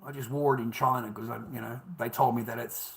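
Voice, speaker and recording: A man's voice: mid-range voice, fairly even intonation, fast, vocal fry. A man with an Australian accent, telling a personal story in a profane, emphatic rant that repeats points for emphasis.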